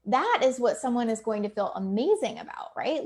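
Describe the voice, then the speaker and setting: A woman's voice: on the high side, sing-song, brisk, few pauses, a little mellow. A woman coach talking casually to viewers on a live video, emphatic and chatty with lots of fillers, now and then swearing. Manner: acts out quoted client voices. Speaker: business coach.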